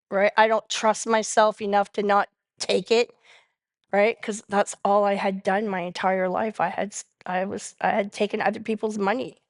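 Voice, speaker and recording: A woman's voice: mid-range voice, flat delivery, moderate pace, no room sound, studio quality. A middle-aged woman from Canada speaking as main speaker, giving a candid recovery testimony and often checking in with the audience. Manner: candid, tag question "right?" often.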